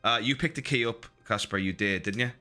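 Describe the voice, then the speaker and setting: A man's voice: fairly low pitch, brisk, over music. A man running a tabletop game as game master, narrating playfully.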